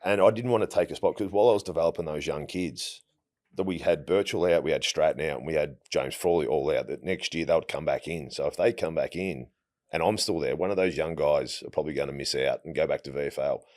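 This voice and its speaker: Australian bloke in his 40s, very low voice, laid-back storyteller who trips over his words. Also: fast. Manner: relaxed, anecdotal, frequent restarts. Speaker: guest, retired footballer. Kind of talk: casual interview storytelling.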